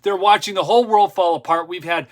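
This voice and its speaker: A man's voice: high-pitched, fast. A man hosting a casual political livestream, ranting emphatically, repeating points and tossing in "okay?" asides. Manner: frequent "okay?" asides and self-interruptions.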